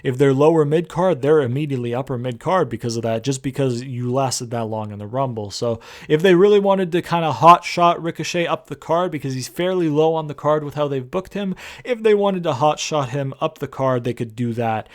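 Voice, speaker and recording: A man's voice: fairly high pitch, fairly quick, hardly any pauses. A young man in his twenties casually recapping and reviewing a wrestling show, rambling loosely with lots of fillers and the odd swear.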